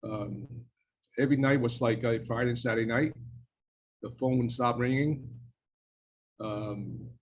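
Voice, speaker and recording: A man's voice: mid-range voice, unhurried, long pauses, narrow, tinny audio. A man, a restaurant owner, giving a casual presentation, chatty and hesitant with many fillers.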